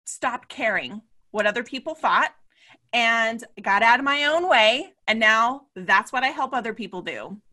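A woman guest in an interview, a business mentor telling her story in a lively way and acting out the voices she quotes. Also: fairly high pitch, a little slow. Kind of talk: casual interview chat.

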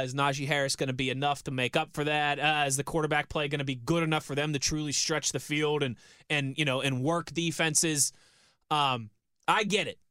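Quick, bright-voiced male sports host. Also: on the high side, clean tone, no echo, studio quality. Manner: rambling, repeats words while thinking. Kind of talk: casual sports talk.

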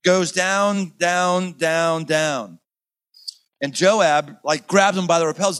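A pastor teaching in a sermon style, animated and dramatic, acting out the scenes he describes. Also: sits high, slow, clean tone, poor audio.

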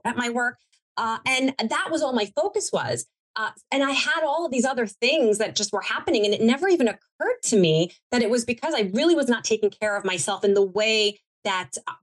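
A woman's voice: on the high side, lively intonation, brisk. A woman, a TV producer as guest, telling stories in a rambling, heartfelt way with many restarts. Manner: rambling, self-correcting, emotional and heartfelt. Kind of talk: conversational storytelling interview.

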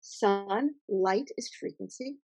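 A woman author talking as an interview guest, telling her story in an emphatic, animated way. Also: medium pitch, takes it slowly, breathy edge. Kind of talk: conversational interview.

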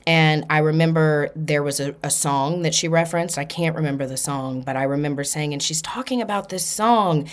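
A woman hosting a spiritual podcast, telling a personal story in an earnest, animated way and acting out the dialogue. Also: sits low, normal speed, few pauses. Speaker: podcast host.

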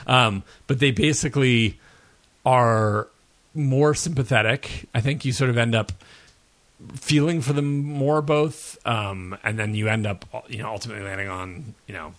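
A man's voice: mid-range voice, fairly even intonation, normal speed, a bit bright. A man co-hosting a casual pop culture podcast, rambling and self-deprecating with lots of fillers, and jet-lagged. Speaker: podcast co-host.

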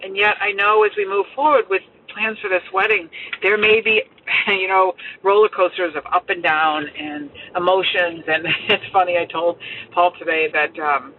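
A woman's voice: mid-range voice, fairly even intonation, normal speed. A middle-aged mother speaking heartfelt and candid, rambling through restarts as she shares family news. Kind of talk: candid personal monologue. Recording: tinny phone-like sound, faint vehicle noise.

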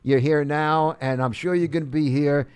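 A man hosting a sports call-in radio show, talking excitedly with many stammered restarts. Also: fairly high pitch, normal speed, smooth.

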